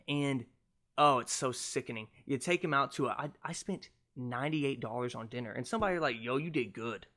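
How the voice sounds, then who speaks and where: A young man hosting his own podcast on a cheap mic, ranting loudly and mockingly with lots of swearing. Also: medium pitch. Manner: loud, mocking, profane ranting. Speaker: podcast host. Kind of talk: casual ranting monologue. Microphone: cheap USB podcast mic.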